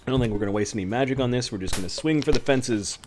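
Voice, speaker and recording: A man giving playful live commentary while playing a retro role-playing game, muttering asides to himself and sometimes dropping to a hush. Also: mid-range voice, very fast, music in the background. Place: home streaming setup.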